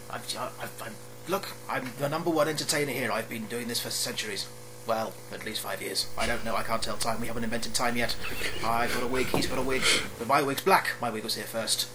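A man's voice: medium pitch, fairly even intonation, brisk, noisy background. A man rambling boastfully in improv comedy.

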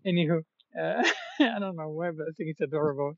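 A man's voice: a little high, lively intonation, brisk, gravelly, darkish tone, no echo. A man talking in a rambling, casual monologue, full of fillers and self-corrections. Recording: dull, slightly muffled, dry sound.

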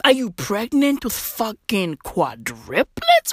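A speaker delivering a profane, mocking comic rant, swinging between loud and soft. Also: medium pitch, expressive, measured pace, dry recording, studio quality. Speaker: comedian.

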